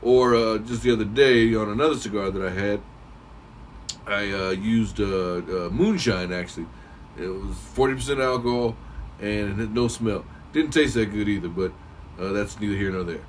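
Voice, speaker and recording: Regular guy rambling thru a cigar how-to, clears his throat a lot, sits back from the mic w/ faint room noise. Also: lowish voice, normal speed, far from the mic, rough recording. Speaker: cigar reviewer. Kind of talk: casual how-to talk.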